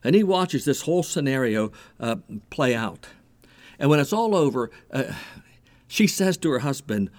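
A man preaching a sermon, animated and repeating himself as he builds his point. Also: mid-range voice, normal speed. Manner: animated preaching with repetitions and a told joke. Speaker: pastor.

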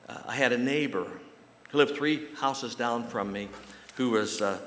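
This is an American man preaching in a church sanctuary, medium-pitched and moderately paced, with a bit of background noise. His sermon tells a folksy personal story, turning animated when he quotes others, all wrapped in long hall reverb and roomy echo.

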